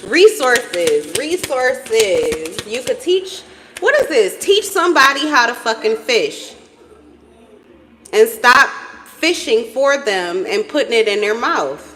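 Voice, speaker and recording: A woman giving a casual tarot reading to camera, blunt and profane, breaking into sudden high exclamations. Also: lively intonation, unhurried, pushed and bright. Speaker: tarot reader. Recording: reverberant room.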